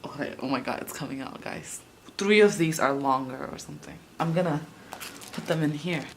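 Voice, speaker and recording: A young woman with a low voice talks her way through a fix in a chatty home vlog. She swears freely and laughs at herself. The recording carries a clear background hiss. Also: normal speed. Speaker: vlogger. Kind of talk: casual vlog narration while working.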